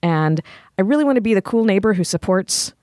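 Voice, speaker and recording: A woman's voice: mid-range voice, expressive, brisk, a little mellow, no room sound. A woman co-hosting a casual podcast chat, telling stories in a chatty way with lots of "like". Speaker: podcast co-host.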